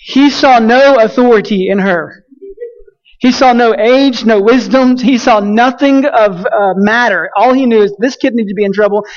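A man with a high-pitched voice, heard on a muffled recording, preaches a casual sermon. He tells a personal story conversationally, with lots of fillers and restarts.

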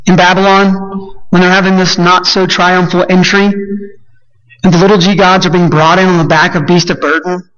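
A man preaching a sermon as pastor, telling a story and rising to emphatic, slowed peaks. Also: level tone, a bit bright, dull audio. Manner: builds to high emphatic peaks, slows for stress.

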